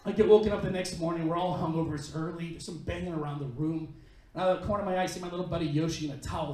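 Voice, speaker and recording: Brash man telling stand-up stories. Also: on the high side. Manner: brash, crude, punchy delivery. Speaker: stand-up comedian. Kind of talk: stand-up storytelling. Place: comedy club stage. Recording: echoey club heard from a distance. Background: audience laughter.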